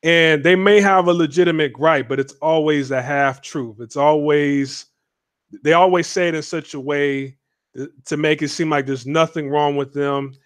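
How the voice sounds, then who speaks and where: A man's voice: on the high side, steady tone, moderate pace, smooth, no room sound. A man speaking as a guest on a livestream, talking bluntly and rambling with fillers and restarts. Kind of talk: casual livestream commentary.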